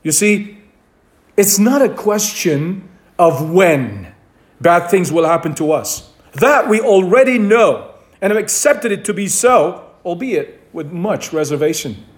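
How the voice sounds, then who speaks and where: A pastor delivering a sermon to his congregation, measured and deliberate, repeating key words for emphasis. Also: high-pitched, animated.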